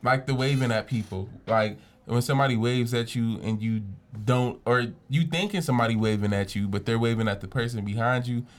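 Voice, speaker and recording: A young man co-hosting a podcast in loose, casual chat, with a voice of ordinary middle pitch. He tells his stories with energy, swears freely and jumps into the voices of the people in them. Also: brisk, few pauses. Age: young adult. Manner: animated storyteller, swears freely, acts out quotes. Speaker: podcast co-host.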